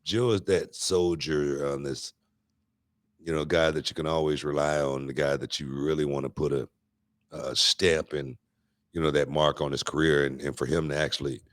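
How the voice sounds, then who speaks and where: A man with a very low voice chats casually on a wrestling podcast. He punctuates his talk with punchy catchphrases and "you know what I mean". The sound is close and dry. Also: steady tone, moderate pace, no echo. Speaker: podcast co-host. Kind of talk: casual chat.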